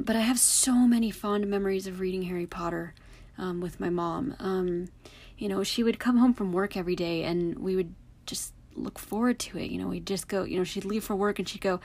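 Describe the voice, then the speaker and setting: Rambling woman telling fond stories. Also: medium pitch. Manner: rambling with many fillers, fond and animated. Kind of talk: casual personal storytelling.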